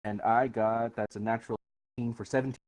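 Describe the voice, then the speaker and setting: Stammering mid-pitched man playing a tabletop game. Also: fast. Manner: stammering repeats, relaxed. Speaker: player.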